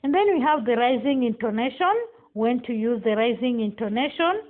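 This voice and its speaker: A woman teaching a classroom lesson, speaking slowly and deliberately and stressing each example sentence. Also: fairly high pitch, expressive. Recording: tinny phone-like sound.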